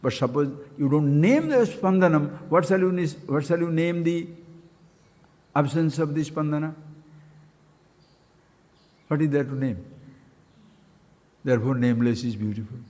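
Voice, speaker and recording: A man giving a spiritual discourse, playful and animated, chanting syllables with big leaps in pitch. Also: unhurried, pauses often. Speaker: spiritual teacher. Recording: long hall reverb.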